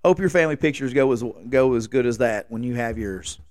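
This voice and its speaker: A man's voice: mid-range voice, expressive, brisk, a little mellow, no room sound, studio quality. A man, hosting a podcast and telling rambling, self-mocking stories in a casual, exasperated way. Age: late 30s. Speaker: podcast host. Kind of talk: casual comedic storytelling monologue.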